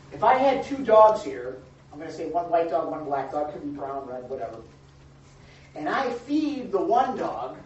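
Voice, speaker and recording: Male pastor mid-sermon, emphatic and animated, with a dull, faintly noisy church recording. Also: high-pitched. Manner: animated, emphatic preaching with repeated words. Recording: echoey hall from a distant, dull mic.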